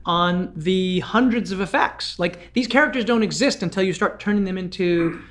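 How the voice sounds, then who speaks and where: A man with a notably high speaking voice tells behind-the-scenes stories in a podcast conversation. He is middle-aged and animated, and he restarts his sentences and rambles before landing his point. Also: moderate pace. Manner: animated, rambling, self-interrupting storyteller. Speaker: film director.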